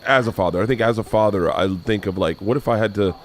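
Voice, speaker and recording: A man's voice: fairly low pitch, fast talker. A man hosting a podcast, earnest and stumbling over his words as he reacts to his guest. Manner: earnest, stammering restarts. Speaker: podcast host. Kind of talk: casual interview chat.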